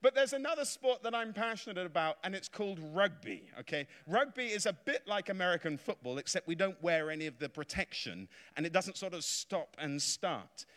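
Animated English preacher in a reverberant hall. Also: male voice, high voice. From England. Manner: animated, jokey storytelling with calls of hallelujah and amen. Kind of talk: revival sermon. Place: large church hall.

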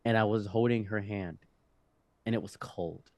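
A young man in his twenties, a podcast guest telling a story in a loose, animated way, with laughs, restarts and swearing. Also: fairly low pitch, normal speed, dry recording. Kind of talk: casual storytelling.

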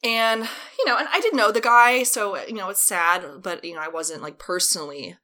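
Chatty young woman, bright voice. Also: mid-range voice, normal speed. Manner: rambling anecdote full of fillers, acts out quotes. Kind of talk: casual chat.

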